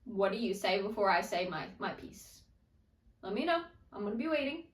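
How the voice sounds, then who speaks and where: A woman's voice: mid-range voice, lively intonation, normal speed, roomy sound, far from the mic. A woman hosting a casual commentary on online stories, chatty and frank, talking straight to her viewers. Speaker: host.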